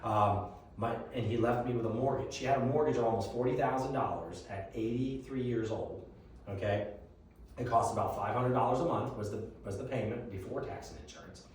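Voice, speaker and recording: A man's voice: medium pitch, brisk. Man, seminar presenter, casual storytelling, distant mic, big echo, faint hum. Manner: animated, conversational, swears casually. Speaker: reverse mortgage presenter. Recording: echoey room from a distant mic.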